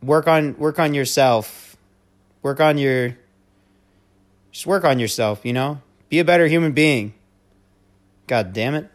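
A man's voice: mid-range voice, measured pace, pauses often. Blunt, profane male podcast host. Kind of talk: casual rant monologue.

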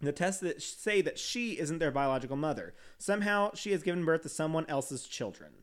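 A man's voice: a little high, big pitch swings, fairly quick. A man on a podcast reading an article aloud with casual asides, often stumbling over words and laughing at himself. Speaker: podcast host.

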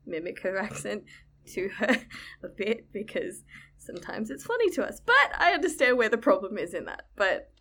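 A young Australian woman, a podcast guest, telling stories in an animated way with frequent laughter. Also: medium pitch, moderate pace. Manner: animated storyteller, laughs often. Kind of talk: casual podcast chat.

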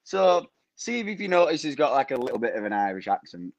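Telling rambling stories as a podcast guest, a young Preston man with a Lancashire English accent chats casually and laughs a lot. He speaks briskly at a medium pitch with big pitch swings. The recording is dry, muffled, and lo-fi.

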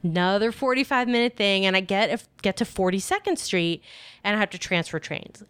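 A woman telling a personal story in a casual, animated way, full of "like" and jumping up in pitch when she quotes people. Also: a little fast, clean tone, no echo. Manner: conversational, with many fillers like "like". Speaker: podcast storyteller.

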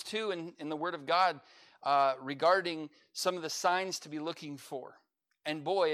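A slightly higher-voiced man preaching a sermon from the pulpit. He builds emphatically to loud, rising stretches, repeating and restarting his phrases as he goes. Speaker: pastor. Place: church sanctuary.

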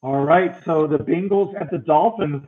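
A man's voice: a little high, normal speed, husky. A man hosting a podcast, chatting casually through game picks. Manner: talkative, rundown of matchups. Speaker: podcast host. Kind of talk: casual sports picks chat. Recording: tinny phone-like sound.

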